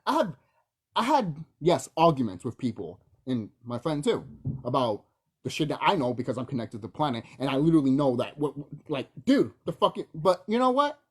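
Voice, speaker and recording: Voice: mid-range voice, big pitch swings, a little fast, slightly rough. A young adult video blogger ranting heatedly to the camera, swearing a lot and mocking the people they address. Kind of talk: profane angry rant to camera.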